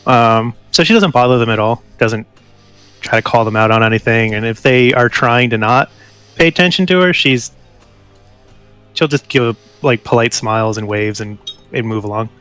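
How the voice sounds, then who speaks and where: A man playing in a tabletop role-playing game, laughing and talking haltingly about his character's actions. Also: mid-range voice, fairly bright tone, clear, resonant tone, dry recording, soft background music. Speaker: player. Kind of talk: casual tabletop play.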